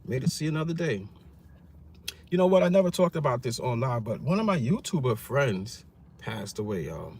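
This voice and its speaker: A man talks in an animated, slangy way, his pitch swooping up and down as he tells stories. He records a casual vlog from inside his car, over a faint hiss. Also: moderate pace, creaky. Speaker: YouTuber.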